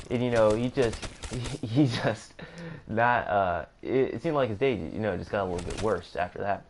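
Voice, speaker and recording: A man's voice: fairly low pitch, moderate pace, slight background noise. A young man casually narrating a storytime, rambling with self-corrections and joking asides. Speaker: gaming streamer.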